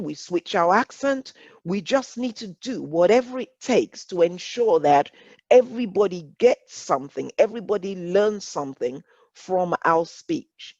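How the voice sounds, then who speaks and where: Slow, measured woman presenter, English accent. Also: medium pitch, a little mellow, no room sound, muffled recording. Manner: measured, deliberate, repeats phrases. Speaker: workshop presenter. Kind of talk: online workshop presentation.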